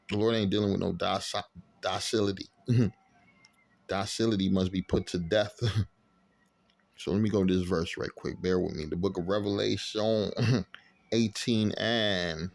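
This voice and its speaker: Fervent male street preacher over music. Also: on the low side. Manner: reads verses aloud, then rises into loud fervent commentary with laughter; casual slangy talk, unhurried while looking up verses. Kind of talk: street sermon reading scripture. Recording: music playing under the voice. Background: music bed.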